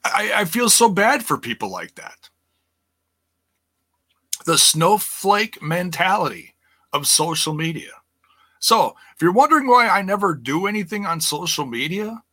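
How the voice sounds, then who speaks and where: Bright-voiced man ranting on a podcast. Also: dry recording. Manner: ranting, swears freely, mocks others in a high voice. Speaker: podcast host. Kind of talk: casual solo podcast rant.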